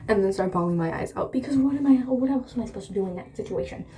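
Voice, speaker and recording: Chatty young woman with a mellow voice. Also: mid-range voice, expressive, racing. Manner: chatty, dramatic retelling with many asides and fillers. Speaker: beauty vlogger. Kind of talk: storytime chat while doing makeup.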